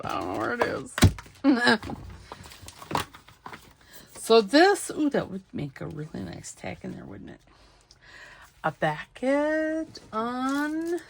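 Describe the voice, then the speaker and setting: Her voice sits high with a creaky edge as she hosts a crafting video. This craft channel host talks casually, drifting off topic and fixing her own words while searching for materials.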